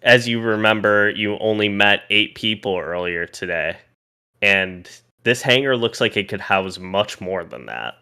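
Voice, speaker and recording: Guy running a tabletop game, kinda low but bright clear voice, lots of restarts. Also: expressive. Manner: restarts and pauses while describing scenes. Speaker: game master.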